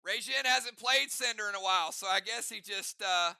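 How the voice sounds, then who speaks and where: Male game host, high-pitched, crisp and gravelly, dry close sound, energetic and teasing as he calls turns. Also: normal speed, hardly any pauses, dry recording. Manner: energetic, teasing banter with players. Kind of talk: live game commentary.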